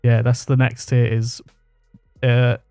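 Guy cohosting a podcast, jokey and sweary, mid pitch, dry close mic. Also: completely flat delivery, slow, creaky, mellow, no room sound, faint music behind. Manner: swearing, joking, laid-back. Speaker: podcast co-host. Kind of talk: casual chat. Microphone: handheld mic.

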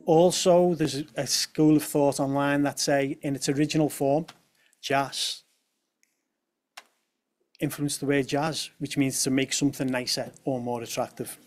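A man's voice: mid-range voice, steady tone, a little slow, a little mellow. A young man from presents a talk to an audience and drops in light humorous asides. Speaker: speaker at a talk on language.

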